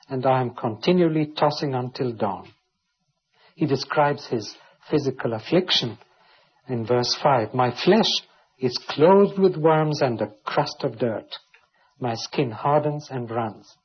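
A man's voice: medium pitch, a little slow, breathy edge. A man preaching a Bible teaching sermon, reading scripture aloud and explaining it verse by verse. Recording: dull lo-fi recording.

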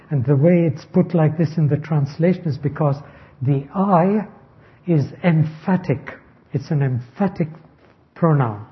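Male preacher, slightly high voice, slow measured delivery, dull lo-fi recording. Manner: slow, deliberate, stressing key words. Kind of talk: expository sermon.

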